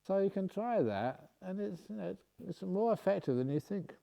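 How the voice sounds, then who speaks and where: A man's voice: sits high, expressive, normal speed, creaky, mellow. A man, a Buddhist monk and meditation teacher, reading out questions at a retreat and answering them with humor. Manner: humorous, playful, reads questions aloud then answers.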